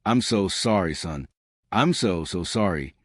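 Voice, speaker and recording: Man playing a broken-hearted rich dad, voice cracking, low and expressive. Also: a little slow, no room sound, studio quality, full character voice. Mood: remorseful. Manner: emotional, breaking voice. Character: remorseful wealthy father, middle-aged man.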